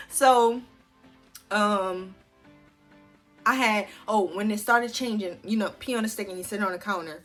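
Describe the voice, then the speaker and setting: A woman's voice: medium pitch, a little slow, pauses often, a bit bright, faint music behind. A woman, chatting casually and animatedly to her viewers as she tells a personal story, swearing freely along the way. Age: 20s. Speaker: vlogger.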